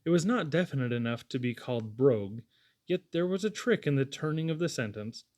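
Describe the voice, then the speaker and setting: Man, audiobook narrator, measured expressive reading, classic novel, mid-pitched voice. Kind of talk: scripted narration.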